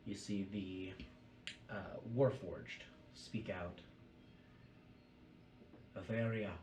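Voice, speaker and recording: Slow, low-voiced game master man. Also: steady tone. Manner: descriptive, measured. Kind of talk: narrating a tabletop game. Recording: roomy distant mic, faint noise.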